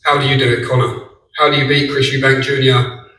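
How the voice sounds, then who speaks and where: A man's voice: medium pitch, flat delivery, fairly quick, pushed and bright, a little hiss or hum. A man, a reporter, asking short, direct questions at a press conference. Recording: echoey room from far off with faint ambience.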